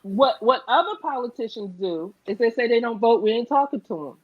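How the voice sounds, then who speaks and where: A woman's voice: fairly high pitch, animated, fairly quick, breathy edge, narrow, tinny audio. A woman with a New Jersey accent, a political candidate on an online panel, speaking earnestly and emphatically and often asking "right?".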